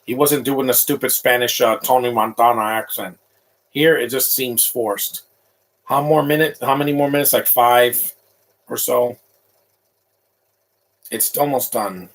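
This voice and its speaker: A man's voice: medium pitch, measured pace, long pauses, poor audio. A man in his thirties giving casual, opinionated live commentary over a movie, rambling with frequent restarts.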